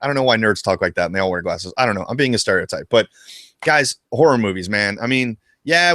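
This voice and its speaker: A man co-hosting a casual live discussion about a video game, talking in an excitable, profane and animated way. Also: medium pitch, no echo, clean studio sound. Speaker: co-host of a retro gaming show.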